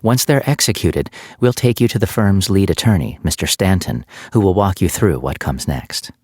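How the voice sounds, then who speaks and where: A man voicing a calm law-firm representative who talks in a polite, businesslike way. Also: low voice, normal speed, breathy edge, no echo, studio quality. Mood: formal.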